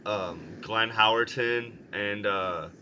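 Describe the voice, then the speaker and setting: A young American man chatting on a podcast, excitable and sweary, with bursts of loud enthusiasm. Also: lowish voice, slow. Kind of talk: casual podcast chat. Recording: dull lo-fi recording with faint background noise.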